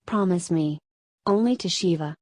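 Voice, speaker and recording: A woman voicing a dying young woman in an audiobook, quiet and firm in her pleas. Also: fairly low pitch, normal speed, no echo, natural voice. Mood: pleading.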